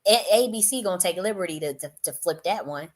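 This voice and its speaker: Woman vlogger from the US, lowish voice, off-the-cuff political rant, swears freely, stumbles and restarts a lot. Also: expressive, quick pace. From United States. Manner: blunt, profane, lots of restarts and fillers. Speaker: YouTube commentator. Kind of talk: casual political commentary.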